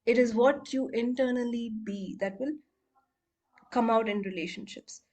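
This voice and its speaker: A woman coach leading a casual group call, chatting and laughing, and rattling off repeated clearing phrases in a quiet murmur. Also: a little high, normal speed. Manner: chatty, laughs often, acts out quoted voices. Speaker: healing coach and facilitator.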